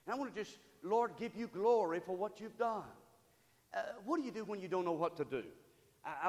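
A pastor preaching a sermon in a church, building from storytelling to loud call-and-response exhortation. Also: male voice, fairly high pitch, long reverb tail. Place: church sanctuary.

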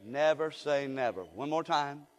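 A man's voice: fairly high pitch, unhurried, long reverb tail. An older man preaching a sermon in a church, folksy and emphatic, leading the congregation in call-and-response. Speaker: guest preacher.

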